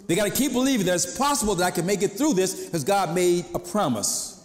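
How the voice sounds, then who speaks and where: Man, pastor, sermon, conversational preaching, slightly high voice, long church reverb. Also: expressive, quick pace.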